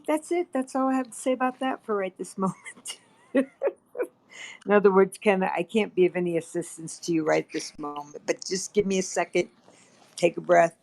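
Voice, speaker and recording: A woman's voice: lowish voice, creaky, a little mellow, low-quality recording. A woman guest on a casual online chat, frank and frazzled, laughing and swearing freely. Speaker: guest co-host.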